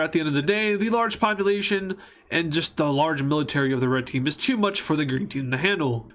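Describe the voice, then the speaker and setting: A man's voice: fairly high pitch, fairly bright tone. A man casually narrating a map series, rambling and joking, often correcting himself mid-sentence.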